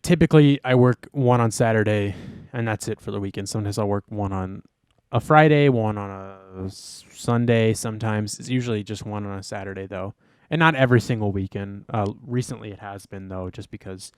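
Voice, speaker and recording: Tired male podcast co-host, low smooth voice, rambly casual chat, dry close sound. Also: no echo. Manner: chatty, rambling with fillers and restarts.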